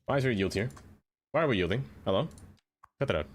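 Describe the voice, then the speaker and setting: A man chatting casually on a live game stream, playful and quick to laugh. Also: fairly low pitch, lively intonation. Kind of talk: casual live-stream chat while gaming.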